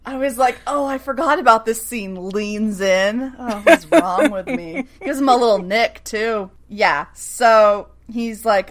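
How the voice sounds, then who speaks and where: A woman co-hosting a casual recap chat, animated and profane, acting out characters' lines as she goes. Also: on the high side. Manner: animated, swears freely, acts out lines in quick asides. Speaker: podcast co-host recapping a TV episode.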